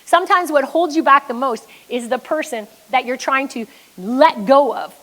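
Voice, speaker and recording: A high-pitched woman from Canada delivering a motivational keynote. She tells her story emphatically and bluntly, with the occasional curse, in the voice of a business coach. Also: normal speed, a bit bright, low-quality recording.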